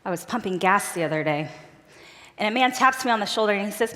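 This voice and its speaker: A woman's voice: medium pitch, lively intonation, quick pace, fairly bright tone. A woman telling personal stories in an earnest, conversational way as a speaker at a church event. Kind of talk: personal storytelling talk. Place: church auditorium stage. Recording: long reverb of a large church hall.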